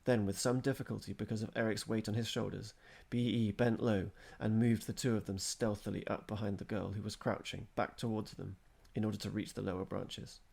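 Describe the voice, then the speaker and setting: A man reading a chapter of a story aloud at a steady, measured pace. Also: on the low side, vocal fry. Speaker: narrator.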